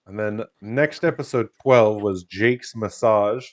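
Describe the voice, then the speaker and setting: A man's voice: on the low side, slow pace. A man co-hosting a podcast in casual chat, steering the episode list in an easygoing, teasing way. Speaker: podcast co-host leading the list.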